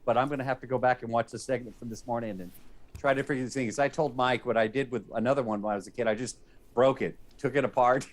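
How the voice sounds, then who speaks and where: Brief: male TV host, casual, heartfelt, rambling, mid-pitched voice. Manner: grateful, emotional, rambling. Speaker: entertainment reporter. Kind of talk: casual on-air chat. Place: TV studio.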